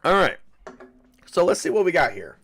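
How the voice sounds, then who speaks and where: A man's voice: on the high side, very animated, normal speed, a bit bright, breathy edge. A man running a solo tabletop game, thinking aloud in a rambling, self-correcting way. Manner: rambling, self-correcting, chuckles at own jokes. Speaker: game master.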